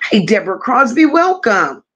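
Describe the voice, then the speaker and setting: A woman's voice: on the high side, very animated, moderate pace, a bit bright, breathy edge. A woman hosting a casual livestream, affectionately greeting viewers one by one and reading their comments aloud. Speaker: livestream host.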